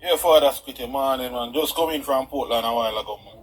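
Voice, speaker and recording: A man with a Jamaican accent calling into a talk show, quick, lively and chatty. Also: mid-range voice, slight background noise, low-quality recording. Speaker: caller. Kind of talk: call-in talk radio chat.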